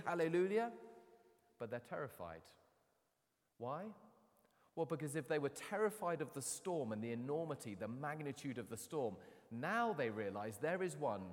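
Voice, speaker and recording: Man in his thirties, mid-pitched preacher, animated storytelling, long hall reverb. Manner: animated, dramatic storytelling with wide swings in loudness. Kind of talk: sermon.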